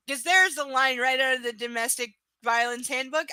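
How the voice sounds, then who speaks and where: Woman reading a book out loud live, snarky and sweary, high bright voice, super dry sound. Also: unhurried, clear, resonant tone, no room sound. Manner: sarcastic, profane, exasperated asides. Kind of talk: live reading with ranting commentary.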